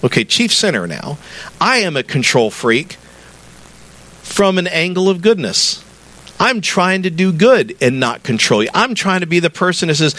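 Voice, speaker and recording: A middle-aged man from the American South, a pastor preaching a conversational sermon in a church sanctuary, building to animated emphasis. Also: high voice, normal speed.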